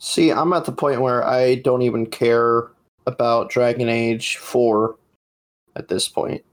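A man co-hosting a casual gaming podcast with dry, jaded quips. His pitch sits in the middle. He sounds unimpressed. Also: steady tone, slow. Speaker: podcast co-host.

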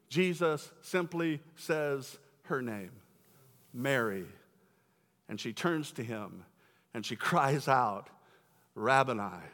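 A man's voice: high voice, a bit bright. A male pastor giving a sermon in a church sanctuary, talking in a conversational, emphatic way. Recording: long reverb of a church hall.

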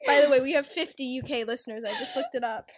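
A woman's voice: high-pitched, fast talker, a little hiss or hum. A woman co-hosting a podcast in casual chat, reacting to her co-host with bursts of laughter.

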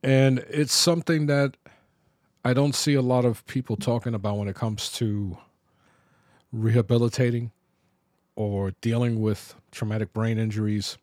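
A middle-aged man from New York talking alone on his podcast, reflective and halting, pausing and restarting as he loses his thread. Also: mid-range voice, steady tone, a little mellow, no room sound, clean studio sound. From New York, Bronx. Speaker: podcast host. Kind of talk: personal podcast monologue.

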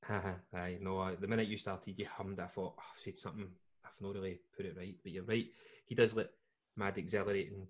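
A man's voice: deep voice, little pitch movement, a little fast. A Scottish man co-hosting a podcast, chatting casually in a jokey, rambling way with lots of restarts. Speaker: podcast co-host. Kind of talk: casual chat.

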